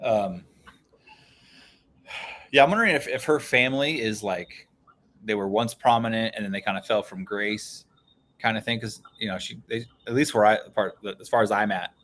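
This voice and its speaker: Laid-back lowish man hosting a book chat. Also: normal speed, pauses often, fairly bright tone. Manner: laid-back, laughs often, says "dude". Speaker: book club host. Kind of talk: casual livestream book chat.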